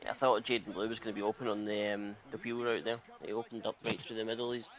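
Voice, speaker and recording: Bright-voiced co-commentator. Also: male voice, lowish voice, flat delivery, fast. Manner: laid-back, swears freely, tactical remarks. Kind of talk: casual sports commentary with banter.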